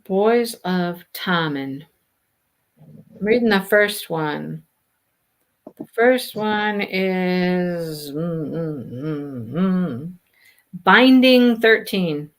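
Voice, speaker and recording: A woman's voice: lowish voice, extremely slow, pauses often. A woman hosting a casual live book chat, talking in a chatty way and laughing often. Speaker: book discussion host.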